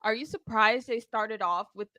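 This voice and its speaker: A woman's voice: on the high side, normal speed, bright, forceful tone, no room sound. A woman co-hosting a wrestling watch-along podcast, chatty and teasing in casual talk, laughing easily. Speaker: podcast co-host.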